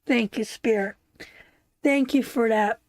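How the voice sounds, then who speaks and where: A woman's voice: a little high, takes it slowly, darkish tone, dry recording. A tearful woman hosting a live tarot stream, chatting affectionately with viewers and calling them darling and sister. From Canada.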